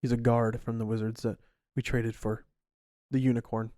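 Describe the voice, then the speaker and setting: A man's voice: medium pitch, level tone, moderate pace, dark tone, no room sound, clean studio sound. A young man co-hosting a podcast, talking sports in a laid-back way with slang. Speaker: podcast co-host. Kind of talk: casual chat.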